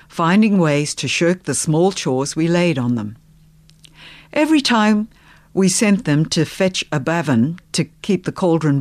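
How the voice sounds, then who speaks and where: A woman narrating a period novel in the first person, with soft, unhurried storytelling that sometimes sinks to a near-whisper. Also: on the low side, no echo. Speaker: audiobook narrator.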